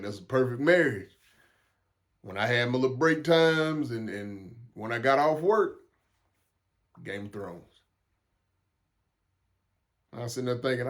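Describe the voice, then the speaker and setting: A young man from South Carolina with a Southern accent, hosting a solo podcast in a rambling, frank and profane way, often repeating and restarting his words. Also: mid-range voice. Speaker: podcast host. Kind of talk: casual solo podcast monologue.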